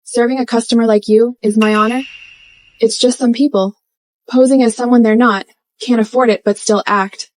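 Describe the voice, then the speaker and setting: An actress playing a rude, snobbish young shop clerk, contemptuous and fawning, in an English drama dub. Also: female voice, a little high, fairly even intonation, normal speed, close to an everyday voice.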